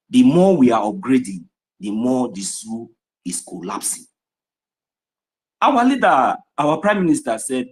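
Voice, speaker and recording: Nigerian man, host, rambling casual talk, middle-pitched voice. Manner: chants in Igbo, rambling. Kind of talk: casual chat.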